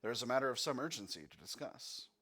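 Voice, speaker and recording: A man's voice: medium pitch, lively intonation, quick pace, sharp tone, breathy edge. A man voicing a cool, menacing stranger with a German accent who speaks in a clipped, formal way. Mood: cool menace.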